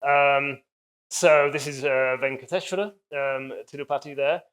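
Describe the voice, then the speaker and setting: A man's voice: mid-range voice, fairly even intonation, unhurried, a bit bright, smooth. A man giving a public lecture, telling stories in an enthusiastic, chatty way with frequent fillers.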